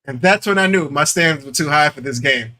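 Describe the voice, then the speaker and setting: A man co-hosting a podcast, telling animated stories full of slang and laughter in casual chat. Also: fairly high pitch, brisk. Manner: animated storyteller, acts out quotes with laughs; slangy, repeats "you know what I'm saying". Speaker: podcast co-host.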